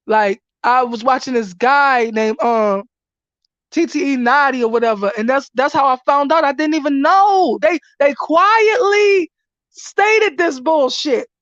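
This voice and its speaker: A woman in an angry commentary vlog, ranting with profanity and swinging between loud outbursts and low muttering. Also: normal speed, no echo, dull audio. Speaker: vlogger.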